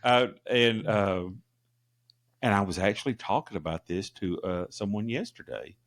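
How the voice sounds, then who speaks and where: A man's voice: on the low side, moderate pace. A middle-aged man co-hosting a podcast, telling long casual stories full of "uh" and "you know" fillers. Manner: rambling storyteller with many fillers. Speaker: podcast co-host. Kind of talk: casual chat.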